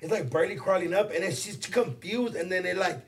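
A man's voice: sits high, brisk, slight background noise. A man co-hosting a casual podcast, joking around in loose slang and swearing freely. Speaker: podcast co-host. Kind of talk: casual chat.

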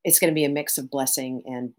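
A middle-aged woman therapist speaking as a podcast guest, animated, often restarting phrases and adding "right?". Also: extremely low pitch, fast talker. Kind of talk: podcast interview.

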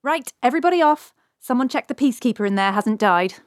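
A man voicing a brash young woman who yells orders from atop a carriage in a storybook. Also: very high voice, lively intonation, brisk, no echo, clean studio sound, pitched above the performer's own voice. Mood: urgent. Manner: urgent, yelling orders.

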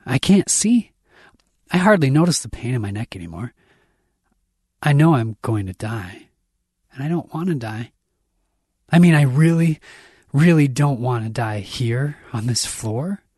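A man reading a dark science fiction story aloud, intense and dramatic, raising his voice for the characters' shouts. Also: medium pitch, animated, measured pace, pauses often, breathy edge, no echo, clean studio sound. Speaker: audiobook narrator.

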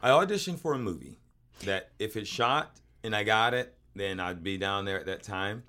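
A man hosting a casual interview chat, enthusiastic and joking, quick to laugh. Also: on the low side, animated, pushed and bright. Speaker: podcast host.

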